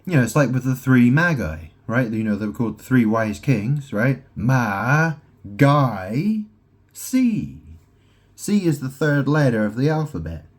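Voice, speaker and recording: A solo vlogger records a rambling monologue at home in his house, meandering through wordplay and dropping many "right?" asides. His medium-pitched voice is very animated and a little slow.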